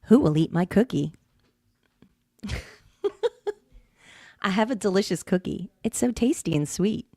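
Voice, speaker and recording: A woman's voice: medium pitch, lively intonation, unhurried, pauses often, warm tone, no room sound, studio quality. Giggling woman reading comic rhymes aloud. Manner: keeps breaking into laughter while reading. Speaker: podcast co-host.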